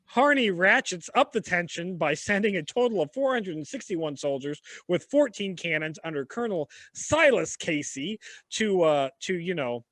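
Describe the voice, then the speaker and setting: A man co-hosting a casual history podcast, telling the story in an animated, profane way with sudden shouted bits. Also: high-pitched, moderate pace, no echo. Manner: animated, swearing, jumps into shouted impressions. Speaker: podcast co-host.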